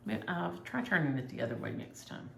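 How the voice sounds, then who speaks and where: Low gravelly woman chatting. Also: sing-song, brisk, roomy sound, a little hiss or hum. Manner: chatty, rambling, thinks aloud. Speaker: flosstube host. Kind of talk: casual chat showing stitching projects.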